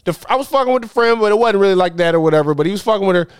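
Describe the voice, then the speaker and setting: A young man on a podcast, telling a wild story in casual slang and acting out his friends' lines with animated energy. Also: high-pitched, rapid-fire, clean tone. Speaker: podcast co-host.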